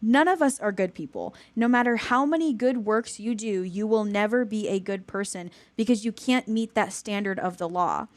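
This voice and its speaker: A young adult woman co-hosting a podcast, talking in an earnest, animated way in casual faith discussion. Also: mid-range voice, moderate pace, hardly any pauses, no echo. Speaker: podcast co-host.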